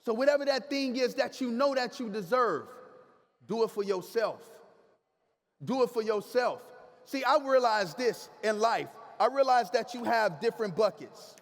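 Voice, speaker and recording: A man giving an energetic, preachy motivational speech to a live crowd in a large hall, talking in slang and getting the audience to repeat after him. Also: very high voice, normal speed. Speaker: motivational speaker. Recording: long hall reverb.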